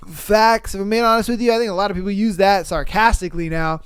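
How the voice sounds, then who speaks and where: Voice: mid-range voice, fairly even intonation, fast, hardly any pauses, clean tone, no echo, studio quality. A podcast host reads online posts aloud and reacts with slang, swearing and laughter. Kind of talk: casual reaction commentary reading online posts.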